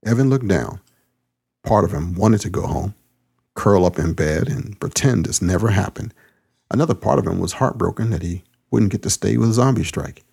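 Deep gravelly guy reading his story then chatting loose, husky voice. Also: expressive, moderate pace, warm tone. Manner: laid-back, slangy, filler-heavy when chatting. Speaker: podcast host reading his own story. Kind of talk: audiobook narration and casual chat.

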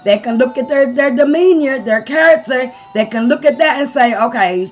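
Casting: woman preacher on a live stream, fairly high voice, dull lo-fi audio, amen-heavy call-and-response delivery. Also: moderate pace, faint music behind. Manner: call-and-response preaching with frequent amens and long spoken lists. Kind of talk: sermon.

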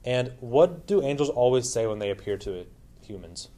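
A man's voice: mid-range voice, animated, normal speed, mellow. A man teaching a Bible lesson in a casual, informal way, retelling a story with lots of asides and questions to his listeners.

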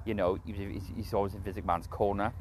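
Mężczyzna z brytyjskim akcentem, który luźno i chaotycznie omawia wrestling, dużo przeklina i często się śmieje. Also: male voice, lowish voice, little pitch movement, quick pace, a little hiss or hum. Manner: heavy swearing, rambling, laughs often. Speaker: wrestling show reviewer. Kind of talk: casual spoken recap and opinion.

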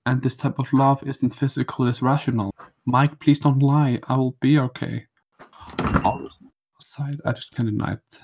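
A man's voice: medium pitch, fairly even intonation, normal speed, creaky, darkish tone, slight background noise. A man hosting a podcast, talking in a playful, mock-romantic and theatrical way. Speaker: podcast co-host. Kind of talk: joking podcast monologue. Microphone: studio microphone.

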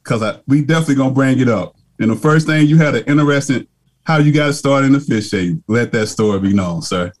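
A man's voice: mid-range voice, fast talker. A man co-hosting a podcast, teasing and telling stories with a laugh. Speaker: podcast co-host. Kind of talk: casual podcast chat.

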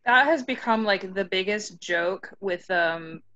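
A woman's voice: medium pitch, a little slow, a bit bright. A young woman musing about a book in easy podcast conversation, thoughtful with dry little jokes. Her sound is a bit muffled and lo-fi. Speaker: podcast co-host. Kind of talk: casual chat about a book.

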